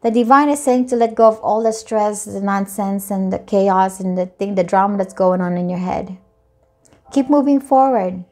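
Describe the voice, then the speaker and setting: A woman giving a tarot reading, talking in a reassuring way that repeats key phrases, with soft music behind her. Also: medium pitch, fairly even intonation, normal speed, hardly any pauses. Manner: repetitive, reassuring. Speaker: tarot reader.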